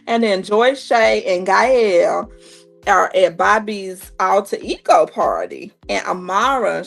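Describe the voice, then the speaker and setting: A woman in her thirties giving a casual, animated reality TV recap, acting out what the cast said in a higher voice. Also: creaky. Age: 30s.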